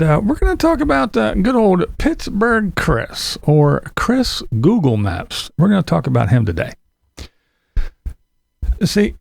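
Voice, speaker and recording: A man's voice: medium pitch, creaky, a little mellow, no room sound. A middle-aged man giving a sarcastic, mocking rant to his channel, repeating his points over and over. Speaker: YouTube commentary vlogger. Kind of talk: ranting casual commentary.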